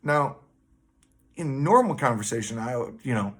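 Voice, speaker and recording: A man's voice: mid-range voice, lively intonation, moderate pace, fairly bright tone. A man vlogging, telling a story to camera in a rambling, profane way with many fillers.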